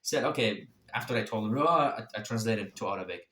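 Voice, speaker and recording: Profane, animated young man telling a story. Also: fairly quick, few pauses. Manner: profane, animated, sudden swings in pitch and loudness. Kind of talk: casual spoken storytelling. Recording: echoey room.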